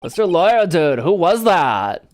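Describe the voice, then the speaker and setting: A man's voice: high voice, very animated, unhurried, slight background noise. A man voicing a laid-back young male celebrity in a game, talking in breezy dude slang.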